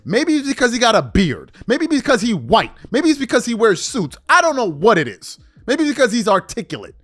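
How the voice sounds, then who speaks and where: His pitch is extremely high and swoops wildly as he talks briskly in a somewhat bright tone. This sports channel host rants with indignation and mockery, imitating those he quotes, over a faint music bed.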